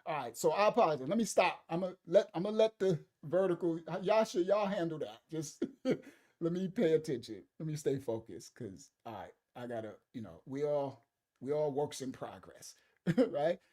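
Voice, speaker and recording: A speaker giving casual livestream commentary on video clips, animated, laughing often and talking back to the chat. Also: medium pitch, moderate pace.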